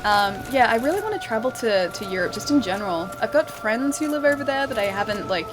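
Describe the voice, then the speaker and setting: Australian woman, casual game streamer, chatty and full of fillers, loud game music underneath. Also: fairly high pitch, lively intonation, quick pace. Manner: chatty, laughs often, many fillers. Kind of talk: casual gameplay stream chat.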